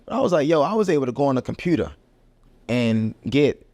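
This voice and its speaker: A man's voice: medium pitch, a little fast, no echo. A man from Baltimore, a financial educator, talking as a guest in casual podcast chat, easygoing and full of "like" and "yo". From Baltimore, USA. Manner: relaxed, agreeable, fills with "like" and "yo".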